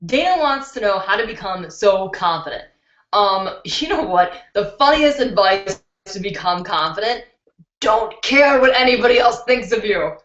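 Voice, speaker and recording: A young woman with a mid-range, expressive, slightly bright voice speaks at normal speed while hosting a beauty channel live stream from home. She chats candidly, laughs easily, and answers viewer questions, captured on a built-in laptop mic that sounds dull and roomy.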